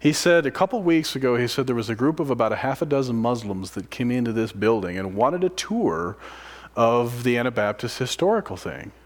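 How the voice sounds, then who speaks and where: A man preaching a sermon, swinging from loud, excited exclamations to hushed, almost whispered lines, and asking many rhetorical questions. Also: medium pitch, a little fast. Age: adult, a father of sons.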